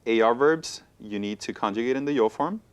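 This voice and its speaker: Male co-host teacher, patient, steady mid pitch, studio lesson. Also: a little fast, smooth. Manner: patient, checks understanding with frequent "okay?". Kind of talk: bilingual classroom lesson. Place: college television studio.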